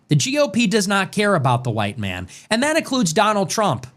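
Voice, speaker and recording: A man's voice: high-pitched, huge pitch swings, fairly quick, fairly bright tone. A man giving ranting political commentary in a sarcastic, mocking, emphatic way. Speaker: political streamer.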